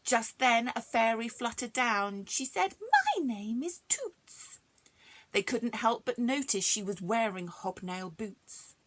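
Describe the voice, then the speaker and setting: A woman librarian reading rhyming stories aloud to children, expressive and chatty between verses. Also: a little high, a little slow. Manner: expressive, sing-song, chatty asides.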